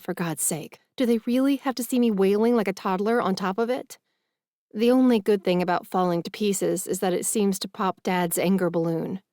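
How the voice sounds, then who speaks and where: Woman, romance audiobook narrator, expressive, mid pitch, dry close mic. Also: dry recording. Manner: expressive, emotional reading.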